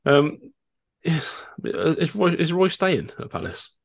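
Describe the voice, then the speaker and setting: A man's voice: fairly high pitch, very animated, slow pace, gravelly. A man hosting a casual football podcast, joking and steering the chat. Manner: jokey, moves the talk along.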